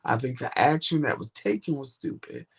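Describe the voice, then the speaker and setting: A man's voice: medium pitch, expressive, moderate pace, breathy edge. A man co-hosting a casual couple's chat show, talking directly and animatedly, acting out quoted back-and-forth dialogue. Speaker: co-host.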